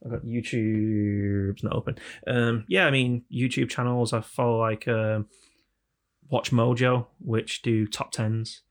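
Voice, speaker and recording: Man, gravelly, casual podcast talk, swears. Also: mid-range voice, little pitch movement, slow pace. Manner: chatty, swears, mimics announcer voices. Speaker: podcast host.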